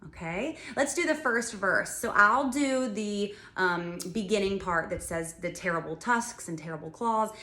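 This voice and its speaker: A woman music teacher giving a children's music lesson, talking straight to the kids in a bright, encouraging way. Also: mid-range voice, measured pace, few pauses.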